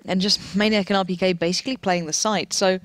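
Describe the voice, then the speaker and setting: Male game caster, excitable play-by-play, headset, pitch climbs in action. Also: quick pace, no room sound. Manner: pitch leaps high in big plays. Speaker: esports commentator. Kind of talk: live esports play-by-play.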